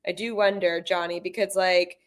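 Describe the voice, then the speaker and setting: A woman's voice: fairly low pitch, fairly even intonation, normal speed. A young woman guesting on a podcast, joking and rambling with lots of fillers. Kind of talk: casual chat.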